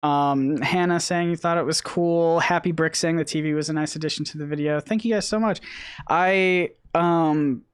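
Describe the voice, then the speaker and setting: A man hosting a casual live stream, talking in a rambling way with many restarts, his voice a little worn. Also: high-pitched. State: losing his voice. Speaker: host.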